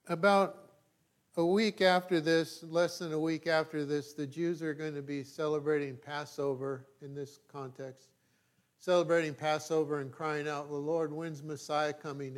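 A male pastor preaching a sermon. He reads scripture aloud with emphasis, then breaks into conversational asides and sudden quiet remarks. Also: a little high, level tone, moderate pace.

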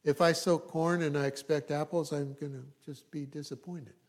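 A man's voice: on the high side, steady tone, normal speed. A middle-aged male pastor preaching a sermon in a conversational way, with asides and frequent check-ins with the congregation.

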